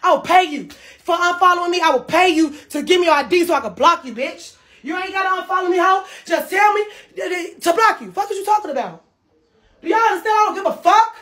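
Woman streamer, very high voice, heated profane live rant. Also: lively intonation, fast, a bit bright. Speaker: livestreamer. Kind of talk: livestream rant.

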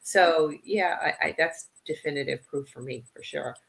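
Female interviewer, low-pitched, eager and responsive in casual conversation. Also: moderate pace, gravelly, fairly bright tone. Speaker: host. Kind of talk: casual chat.

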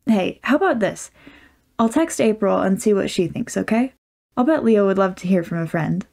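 A woman voicing a bubbly, pushy young woman friend in a storybook reading, excitable and gushing. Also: mid-range voice, moderate pace, gravelly. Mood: encouraging.

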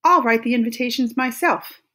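A woman's voice: on the high side, normal speed, a bit bright, voice pushed up, lightly acted. A woman voicing a hardworking, fed-up female iguana in a storybook read-aloud, emphatic and exasperated. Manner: eager, then exasperated, emphatic.

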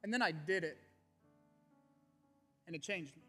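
A man's voice: fairly high pitch, a little slow, a bit bright. A man preaching an earnest, conversational sermon to his church as its pastor. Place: church sanctuary. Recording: faint music underneath.

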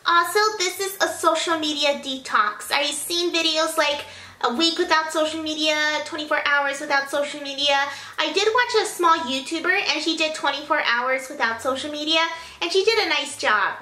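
A woman's voice: sits high, moderate pace, bright, forceful tone, echoey room. A young woman chatting to a handheld camera at home in a bubbly, casual vlog style, with small sighs and laughs. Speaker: vlogger. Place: at home, indoors.

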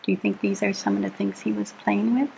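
A woman reading a bedtime picture book aloud to children, gentle and soothing, asking the listener little questions as she goes. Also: medium pitch, steady tone, brisk, creaky, slight background noise, rough recording. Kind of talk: read-aloud storytime.

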